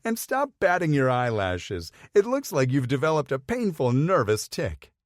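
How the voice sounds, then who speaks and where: A man's voice: mid-range voice, big pitch swings, normal speed, no echo, clean studio sound, voice pushed up, natural voice. A man voicing a smug, affectionate grown man who talks in a wry, teasing way.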